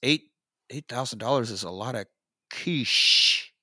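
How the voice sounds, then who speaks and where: A man co-hosting a podcast, recapping a movie with lively quoted lines, swearing and laughs. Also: medium pitch, a little fast, dry recording, clean studio sound. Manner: animated retelling, quoting characters, swearing, laughing. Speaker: podcast co-host. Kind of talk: casual movie recap chat.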